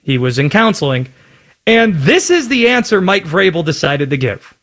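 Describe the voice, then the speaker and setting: A man with a high-pitched voice co-hosts a casual sports talk show. He argues his case with quick asides and dry pushback. He talks in an easy, conversational way. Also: big pitch swings, fairly bright tone. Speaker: sports podcast co-host.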